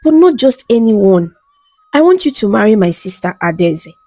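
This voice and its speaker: A woman's voice: medium pitch, big pitch swings, moderate pace, warm tone, dry recording, soft background music. A woman reading the lines of a childless young wife in a folktale, pleading and earnest.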